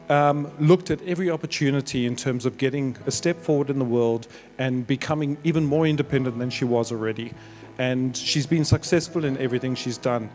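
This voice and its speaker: A middle-aged man giving a sentimental, halting wedding speech as father of the bride. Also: medium pitch. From South Africa. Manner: sentimental, storytelling with halting restarts. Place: wedding reception.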